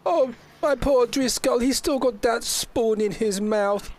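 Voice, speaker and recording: A man's voice: very high voice, unhurried. A man voicing a doting, motherly woman cook in a tabletop game, fussing and clucking over everyone. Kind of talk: tabletop role-play voice.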